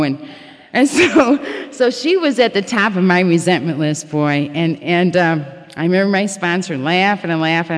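A woman's voice: mid-range voice, in a large hall. A middle-aged woman telling her own recovery story in a candid, self-mocking way, often laughing at herself. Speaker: recovery meeting speaker. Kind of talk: personal testimony talk.

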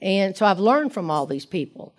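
A middle-aged woman speaking at a recovery meeting in a rambling, storytelling way. She wanders off into asides and acts out what others said to her, in a voice of ordinary pitch. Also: very animated, normal speed. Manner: rambling storyteller, many asides and acted quotes. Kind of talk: personal recovery talk.

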